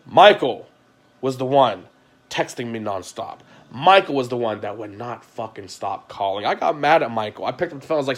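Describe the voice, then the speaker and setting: A man speaking in an emotional confessional monologue, retelling events in an agitated way with sharp swings from loud to quiet, frequent restarts and blunt swearing. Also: medium pitch, expressive, normal speed. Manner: agitated storytelling, voice rising and falling sharply. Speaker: vlogger.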